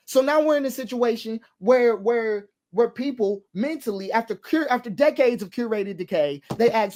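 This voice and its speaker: A man's voice: high-pitched, lively intonation, moderate pace, few pauses, darkish tone. A man giving impassioned social commentary, stressing points by repeating them, asking rhetorical questions and now and then laughing. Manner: emphatic, repeats key phrases, rhetorical questions.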